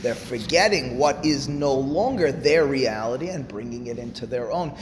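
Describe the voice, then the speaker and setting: A man teaches a Talmud class in a classroom with a long, ringing reverb. His delivery is animated: he jumps from loud exclamations to quiet, offhand asides. His voice sits at an ordinary middle pitch. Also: normal speed, a little hiss or hum. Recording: echoey room with long reverb.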